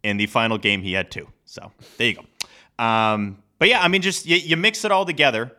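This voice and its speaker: A man co-hosts a casual sports podcast. He rambles animatedly and laughs often. His voice is bright and forceful, set at an ordinary pitch. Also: moderate pace. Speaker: podcast co-host.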